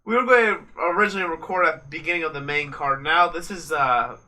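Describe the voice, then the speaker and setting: A man's voice: fairly high pitch, fast talker, bright, forceful tone. A young American man co-hosting a podcast, chatting casually and swearing while watching a fight. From United States. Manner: rambling, swearing, joking. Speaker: podcast co-host. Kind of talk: casual late-night chat over a live fight.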